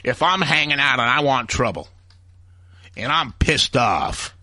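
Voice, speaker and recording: A man's voice: medium pitch, animated, a little slow, sharp tone, no echo. A man hosting a talk radio show, delivering a heated, opinionated rant. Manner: ranting, heated, acts out quoted voices.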